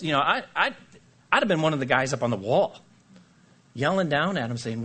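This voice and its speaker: A man preaching a sermon, reading scripture and acting out lively asides with playful voices. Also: on the high side, fairly quick, long pauses. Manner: animated, jokey, acts out voices. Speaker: pastor.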